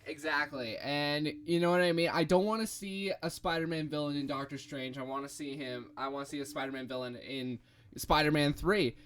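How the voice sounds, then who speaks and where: A young man co-hosting a casual podcast chat, animated and thinking aloud with fillers as he goes. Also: on the high side, a little fast. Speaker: podcast co-host.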